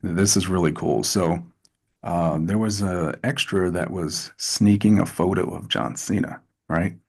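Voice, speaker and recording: Gravelly low-voiced man telling stories. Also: unhurried. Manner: animated storytelling with repeated restarts. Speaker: actor, interview guest. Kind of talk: casual interview chat.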